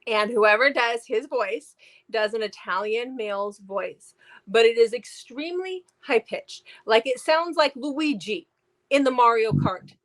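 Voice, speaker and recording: A woman's voice: on the high side, fairly bright tone. A woman co-hosting a book review show, chatting casually and animatedly with lots of fillers. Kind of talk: casual chat.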